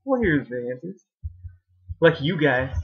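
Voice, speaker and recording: A man's voice: a little high, big pitch swings, unhurried, breathy edge, muffled recording. A young man in a casual vlog at home, rambling and sarcastic about college, laughing often, recorded on a webcam. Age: young adult. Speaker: vlogger.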